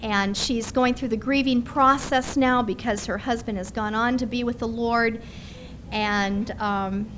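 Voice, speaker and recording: Middle-aged woman preacher, high voice, chatty storytelling sermon, faint room ambience. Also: slight background noise. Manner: conversational, animated storytelling.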